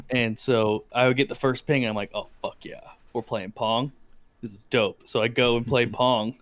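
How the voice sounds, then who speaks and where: Man, guest, mid pitch, relaxed, swearing, chuckling storyteller. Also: normal speed. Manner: laid-back, chimes in, laughs while telling stories. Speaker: guest, streamer and veteran. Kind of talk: casual storytelling chat.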